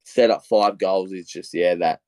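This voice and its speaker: A young Australian man with an Australian accent, co-hosting a casual football podcast and telling a long, excitable story full of re-enacted quotes. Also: low voice, measured pace, no echo. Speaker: podcast co-host. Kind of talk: casual footy podcast chat.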